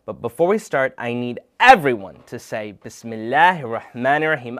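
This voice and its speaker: A man's voice: medium pitch, animated, normal speed, few pauses. Upbeat man hosting a kids' show. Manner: playful and upbeat, joking with young viewers. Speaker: host of a kids' program. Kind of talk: lively kids' show presenting.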